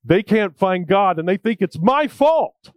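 A man voicing a frightened young boy in a told joke, talking high and alarmed. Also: expressive, measured pace, dry recording, studio quality. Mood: panicked.

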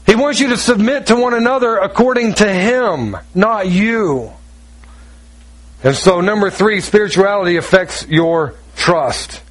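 A pastor delivering a sermon with a notably high voice for a man. He is middle-aged and folksy, joking with his listeners and acting out bits of conversation as he goes. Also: a little slow, poor audio. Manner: folksy and joking, acts out dialogue.

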